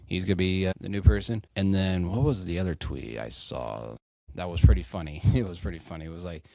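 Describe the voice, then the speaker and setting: A man's voice: sits low, a little fast, gravelly, mellow, no room sound. A young man hosting a solo sports podcast, rambling casually with lots of fillers and swearing. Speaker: podcast host.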